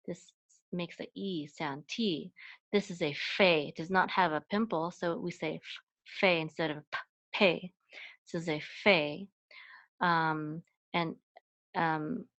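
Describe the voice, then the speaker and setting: Slow, patient woman teaching Hebrew. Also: fairly low pitch, fairly bright tone. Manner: patient, explaining letter by letter, chanting phrases in a sung voice. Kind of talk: slow step-by-step language lesson.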